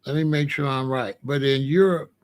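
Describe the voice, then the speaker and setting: A man's voice: medium pitch, steady tone, moderate pace. A man hosting a casual commentary show in an African American accent, rambling and retelling conversations with many repeats and restarts. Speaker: host.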